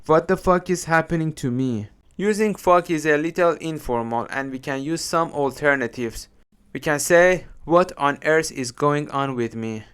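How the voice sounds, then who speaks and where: A man teaching English phrases in a slow, deliberate, scripted lesson narration. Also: fairly high pitch, a bit bright, clear, resonant tone.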